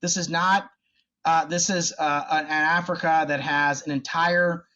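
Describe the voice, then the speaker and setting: A middle-aged man talking in an emphatic, conversational way as a podcast guest, with a somewhat high voice. The sound is muffled and lo-fi. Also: fairly even intonation, a little slow, pushed and bright, slight background noise. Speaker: think-tank guest. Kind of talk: animated policy interview.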